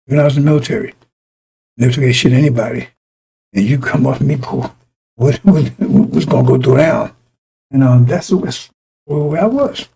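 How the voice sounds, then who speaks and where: A man's voice: fairly high pitch, creaky, mellow, breathy edge, poor audio. A middle-aged man preaching informally to his congregation, blunt and profane, rambling through personal stories with many restarts.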